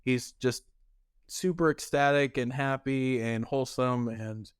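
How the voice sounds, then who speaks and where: Chill young dude cohosting a podcast, smooth clear voice, dry close sound. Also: male voice, mid-range voice, fairly even intonation, measured pace, dry recording. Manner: laid-back, profane, with fillers. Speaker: podcast co-host. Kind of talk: casual chat.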